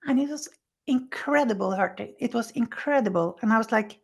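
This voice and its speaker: A woman being interviewed, telling her recovery story in animated, halting, non-native English, acting out what people said. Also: fairly high pitch, creaky, slightly rough. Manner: animated storyteller who acts out quoted speech. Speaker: interview guest. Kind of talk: personal recovery story told in conversation.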